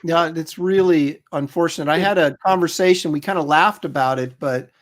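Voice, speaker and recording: Chatty middle-aged man, fairly high voice. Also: moderate pace. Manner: relaxed, chatty, reads viewer comments aloud. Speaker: comic artist and show co-host. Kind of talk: casual livestream chat.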